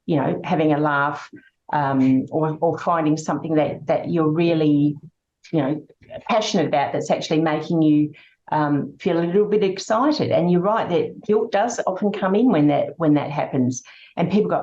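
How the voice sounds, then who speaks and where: Woman, grief coach, low mellow voice, hesitant and reflective; echoey lo-fi room. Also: normal speed. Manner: reflective, hesitant with many fillers. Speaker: grief and happiness coach, guest. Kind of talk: conversational interview. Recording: echoey room, dull lo-fi sound.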